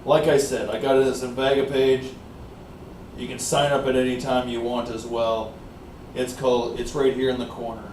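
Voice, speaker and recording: Recorded at a distance in a small, warm indoor room, this Canadian vlogger has a medium-pitched, flat, darkish voice. Winded from a workout, he wanders through a casual monologue, repeating "like I said" and filling gaps with "uh." There's a roomy, off-mic quality and a faint hiss.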